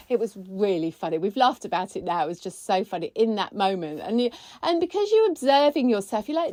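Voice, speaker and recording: A woman, hosting a casual weekly chat. She talks in a chatty, expressive way, and her pitch jumps high when she gets excited. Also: a little fast, no echo. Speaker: podcast host, spiritual coach.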